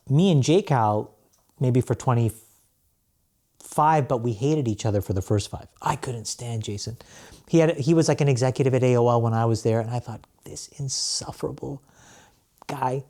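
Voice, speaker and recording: Podcast guest, male, mid-pitched voice, relaxed anecdotal delivery. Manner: relaxed storytelling with restarts and laughs. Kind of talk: casual interview chat.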